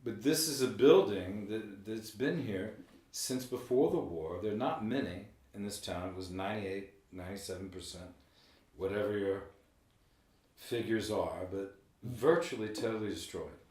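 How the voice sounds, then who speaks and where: A man in his middle years hosts a casual podcast, talking in a loose, rambling way and trailing off mid-thought. His voice sits fairly low. The room echoes around him and he is heard from a bit back off the mic. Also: normal speed, a little mellow, recorded from a distance. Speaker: podcast host. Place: room in an old building. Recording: roomy, from off the mic.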